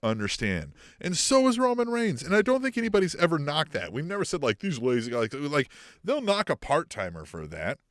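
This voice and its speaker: A man's voice: fairly high pitch, huge pitch swings, fairly quick, few pauses, fairly bright tone, no room sound, studio quality. A man co-hosting a casual podcast chat, laughing often, swearing, and acting out quotes in a raised voice. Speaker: co-host.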